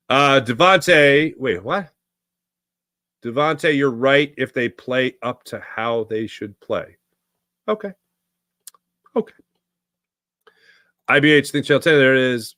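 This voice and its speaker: A man's voice: medium pitch, pushed and bright, dry recording, clean studio sound. A young man hosting a live sports talk stream, rambling and reading viewers' comments aloud. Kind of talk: casual live-stream chat.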